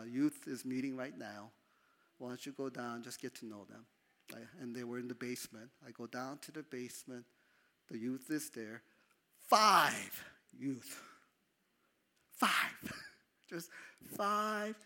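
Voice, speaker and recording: A middle-aged man, a pastor, telling a personal story in a sermon with laughter and big swings in loudness. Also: on the high side.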